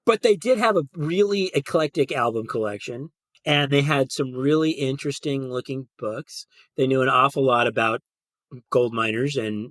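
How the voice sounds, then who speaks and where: A man's voice: mid-range voice, fairly bright tone, no room sound, studio quality. A middle-aged man co-hosting a podcast, chatting casually in a rambling way with lots of fillers. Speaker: podcast co-host. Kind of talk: casual chat.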